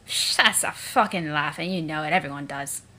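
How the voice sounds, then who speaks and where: A woman's voice: low-pitched, moderate pace, pushed and bright, pitched below the performer's own voice. A cocky young male troll , put on by a woman reader, speaks in a mangled British accent that leans vaguely Liverpool or Cockney. He swaggers, sneers and swears through every line. He sounds like a brash, self-important prince from a webcomic. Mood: sneering.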